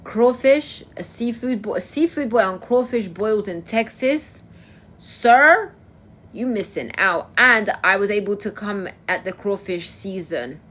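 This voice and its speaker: A woman's voice: mid-range voice, normal speed, hardly any pauses, fairly bright tone. A young woman from Kosovo chatting casually on a livestream, answering her viewers' comments as they come in. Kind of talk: casual live-stream chat.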